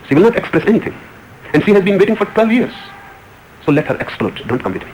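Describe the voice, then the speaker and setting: Fast-talking man giving a spiritual discourse. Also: high-pitched, very animated, darkish tone, a little hiss or hum, poor audio. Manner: repetitive, emphatic storytelling. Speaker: spiritual teacher.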